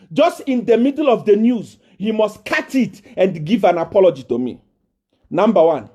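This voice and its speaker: Addressing his congregation as a self-declared prophet, a man from Nigeria sounds boastful and defiant, repeating lines and climbing into shouts. His voice is high.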